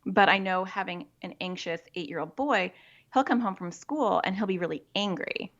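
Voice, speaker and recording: A woman's voice: mid-range voice, moderate pace, fairly bright tone. A woman with a muffled voice explains to parents. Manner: explanatory, practical, often acts out parent and child quotes. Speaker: child therapist, guest. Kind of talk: podcast interview.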